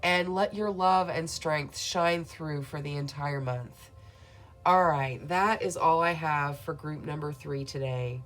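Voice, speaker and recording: A woman reading tarot cards for her viewers in a soothing, affirming way. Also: deep voice. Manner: soothing, affirming, speaks to viewers as "beautiful souls". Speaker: tarot reader.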